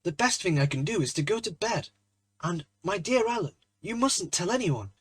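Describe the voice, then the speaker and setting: A man's voice: sits high, expressive, moderate pace, fairly bright tone, slightly rough, no room sound, studio quality, voice pushed up, exaggerated voice. A man voicing a poor, charming young man who sounds sulky, flustered and stammering, in a storybook reading.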